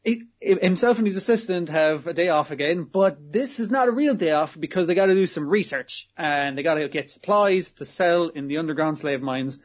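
A man's voice: a little high, animated, moderate pace, hardly any pauses. A man casually recapping an episode, rambling and swearing freely, in a muffled lo-fi recording. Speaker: podcast co-host.

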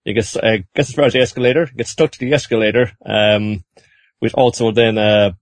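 A man casually recapping a story in a rambling, animated way, doing quick voices as he goes. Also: lowish voice, no echo. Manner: rambling, animated, with frequent fillers and restarts.

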